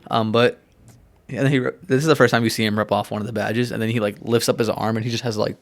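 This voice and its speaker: Young male co-host with a gravelly, fry-heavy voice, laid-back and laughing. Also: lowish voice, fast. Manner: relaxed, laughs often, asks questions. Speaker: podcast co-host. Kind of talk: casual movie review chat.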